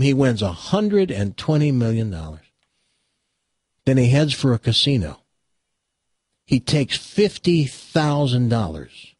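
Husky-voiced man hosting radio talk. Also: mid-range voice, darkish tone, no room sound. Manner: folksy storyteller, acts out quotes. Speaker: radio show host. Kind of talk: casual radio talk and joke telling. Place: radio studio.

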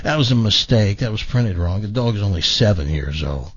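A man's voice: lowish voice, expressive, a little fast, slightly rough, dry recording, voice pushed down. A man voicing a sly male dog owner coaxing a buyer in a casual folksy way. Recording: dull dry studio sound.

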